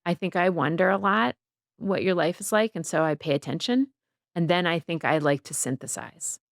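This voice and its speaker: A woman's voice: lowish voice, normal speed, vocal fry, no room sound, clean studio sound. A middle-aged woman, a guest author, talking reflectively in a casual interview. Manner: reflective, quotes people in lively voices.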